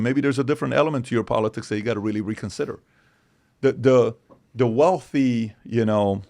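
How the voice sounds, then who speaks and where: A man from Iran, a podcast guest in casual conversation, talking in an animated, emphatic way. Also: medium pitch. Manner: animated, emphatic, acts out other people's voices.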